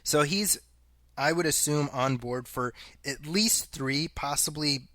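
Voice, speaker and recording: A man's voice: on the high side, slow, pushed and bright, dry recording. A man co-hosting a casual movie podcast, reading listener comments aloud and laughing often. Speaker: podcast co-host. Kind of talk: casual chat.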